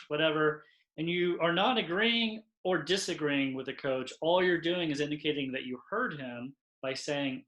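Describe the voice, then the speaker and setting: A man co-presenting a training talk for lacrosse officials, measured and explanatory. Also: fairly high pitch, lively intonation, fairly bright tone. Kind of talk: instructional talk. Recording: roomy echoey recording.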